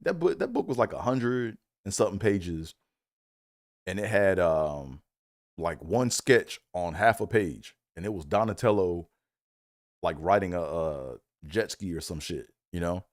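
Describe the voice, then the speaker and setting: A man's voice: low voice, animated, a little slow, no echo, studio quality. A man from Maryland telling a loose, profane childhood story with lots of fillers and restarts. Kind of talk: casual comedic storytelling.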